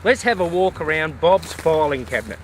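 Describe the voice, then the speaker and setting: A man's voice: a little high, animated, moderate pace, slight background noise. An Australian man rambling in a casual outdoor vlog, with folksy bush slang. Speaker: vlogger.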